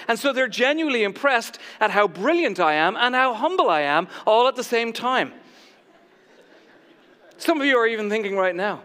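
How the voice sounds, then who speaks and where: A man's voice: very high voice, sing-song, normal speed, bright, forceful tone, long reverb tail. A male pastor giving a sermon with a jokey, self-mocking storytelling manner. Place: church sanctuary.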